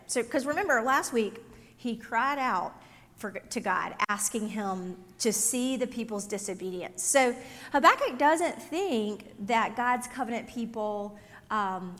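A woman leads a women's Bible study, speaking in a fairly high voice. She talks conversationally, with frequent ums, and acts out the lines she quotes. Her voice rings with the long reverb of a church hall. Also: fairly bright tone.

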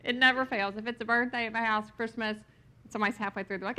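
A woman's voice: fairly high pitch, fast, sharp tone. Chatty woman leading a Bible study. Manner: chatty and personal, laughs at her own stories, many ums. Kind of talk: scripture reading and informal Bible teaching.

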